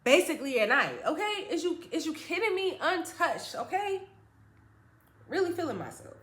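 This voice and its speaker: A young woman vlogger telling a casual storytime, animated and lively, slipping into voices as she quotes people. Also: extremely high pitch, moderate pace. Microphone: phone or tablet camera. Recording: echoey room.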